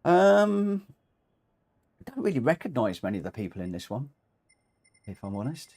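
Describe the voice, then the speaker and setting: A man's voice: medium pitch, very animated, normal speed, creaky, a little mellow. A man chatting through a live racing game stream, rambling with frequent ums, a bit short of breath and coughing now and then. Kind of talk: live gameplay commentary.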